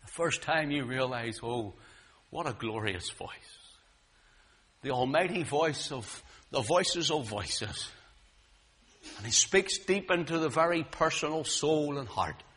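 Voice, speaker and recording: A man preaching a sermon, swinging dramatically between booming lines and hushed ones. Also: expressive, a little slow, slightly rough.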